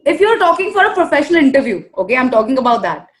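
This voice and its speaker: Woman, trainer, high voice, brisk corrections, repeats model lines. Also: very animated. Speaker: spoken English trainer. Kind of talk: one-on-one English coaching.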